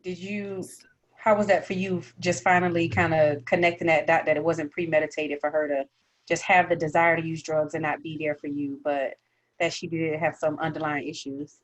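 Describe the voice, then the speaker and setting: A woman's voice: sits low, flat delivery, normal speed. A woman hosting a podcast who asks questions in a casual, encouraging way and often affirms her guests. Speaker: podcast host. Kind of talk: casual conversational interview.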